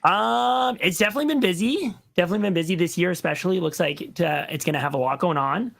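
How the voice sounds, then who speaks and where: Friendly guy on a stream, gravelly voice, rambles and repeats stuff. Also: high-pitched, quick pace, fairly bright tone. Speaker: guest, competition winner. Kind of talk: casual chat on a live stream.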